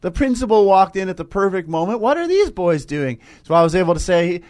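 A man's voice: sits high, big pitch swings, a little mellow. A man who works as a teacher, telling a story in a casual spiritual chat with many restarts and hesitations. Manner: rambling, halting storytelling.

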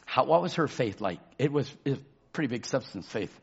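A pastor preaching a sermon. He drops to a murmur, then shouts for emphasis and calls out to the congregation for amens. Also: animated, brisk, vocal fry, husky, lo-fi sound. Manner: swings between low murmurs and loud shouted emphasis.

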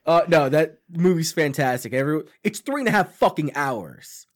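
Young new dude on a podcast, swears a lot, does little voices for quotes, super animated. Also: male voice, on the high side, normal speed. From Long Island, New York. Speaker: podcast co-host. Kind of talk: casual chat.

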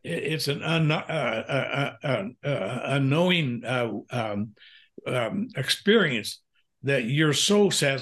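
An older man, a pastor and counselor, telling a candid personal story in an interview, earnest and halting with frequent fillers. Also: medium pitch, lively intonation, fairly bright tone.

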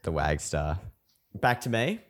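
A man's voice: deep voice, big pitch swings, a little slow. A man with an Australian accent co-hosting a casual sports chat. He speaks bluntly, rants and swears freely. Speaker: podcast co-host.

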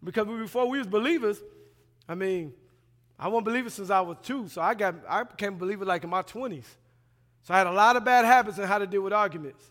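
Guy preaching in a church, voice pitched up high, loud then hushed, big echo hanging in the hall. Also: quick pace. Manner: swings between loud emphatic preaching and quiet low asides; colloquial, plays out dialogue in voices. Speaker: pastoral resident. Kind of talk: sermon. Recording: long hall reverb.

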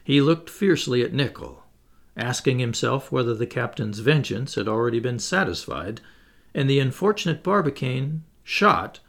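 A man reading a classic novel aloud as an audiobook narrator, in a measured storytelling manner. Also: medium pitch, animated, creaky, fairly bright tone. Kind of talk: scripted narration.

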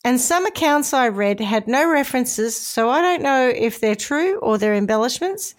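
A woman host tells a story in a casual, comedic podcast style. Her voice sits a little on the high side. She talks in a chatty way and slips in jokey asides. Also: lively intonation, normal speed.

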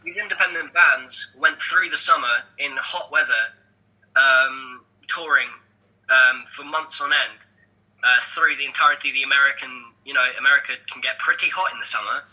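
Young guy rambling on a podcast, really bright tone, keeps restarting his sentences. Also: mid-range voice, moderate pace, low-quality recording. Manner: rambling, animated, lots of restarts. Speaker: podcast co-host. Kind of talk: casual podcast chat.

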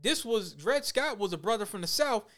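A man hosting a casual talk show, blunt and profane, telling stories with animated quoted voices. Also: sits high, normal speed.

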